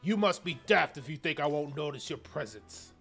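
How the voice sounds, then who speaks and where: A man doing a gruff old noble warrior, a grand general with a commanding, slow, loud delivery. He sounds like a banished king returned to battle, stern and threatening. Faint music plays underneath. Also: on the high side, lively intonation, exaggerated voice. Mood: menacing. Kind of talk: voicing a visual novel character.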